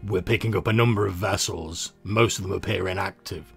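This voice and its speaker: Guy doing a gruff low commander on the comms, curt formal orders, bit loud. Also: steady tone, brisk, faint music behind, full character voice. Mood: commanding. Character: gruff male military fleet commander over comms.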